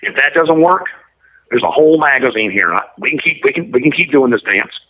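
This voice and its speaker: A man's voice: mid-range voice, expressive, a little fast. A man giving an interview and telling a story in a blunt, matter-of-fact, detailed way. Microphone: prison phone line. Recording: muffled lo-fi line.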